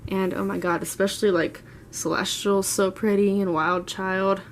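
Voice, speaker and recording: A woman's voice: mid-range voice, level tone, moderate pace, a little hiss or hum. A woman in her twenties chatting through a casual makeup collection tour, gushing and rambling as she talks. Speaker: beauty vlogger. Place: at home, seated.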